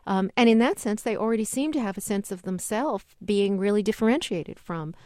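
A middle-aged woman, a guest researcher on a radio call-in show, explaining with lively emphasis. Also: mid-range voice, brisk, no echo, studio quality. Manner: animated explainer, acts out voices in quotes. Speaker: guest researcher on child development.

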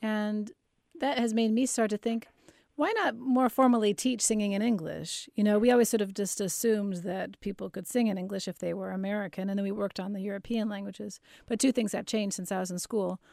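A woman's voice: medium pitch, fairly even intonation, brisk, vocal fry, warm tone, dry recording, clean studio sound. A woman who teaches singing and plays piano, explaining her views in a thoughtful conversational way. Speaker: voice teacher and pianist. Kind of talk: casual conversation.

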